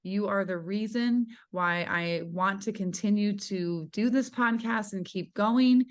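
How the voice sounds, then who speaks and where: A woman hosting a podcast in an easy, gushing way. Her pitch sits in the middle of the usual range. She swears freely and leans on fillers as she thanks her guest and her listeners. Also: unhurried. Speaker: podcast host. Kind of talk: casual podcast chat.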